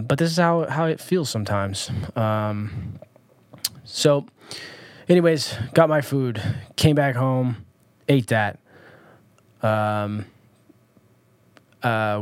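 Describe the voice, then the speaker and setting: A man from Southern California recounts his day in a loose, personal vlog, pausing often on ums and circling back over his words. His pitch sits in the middle, and the dry, close recording has no room sound. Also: no room sound. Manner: rambling, many ums and restarts. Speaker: vlogger.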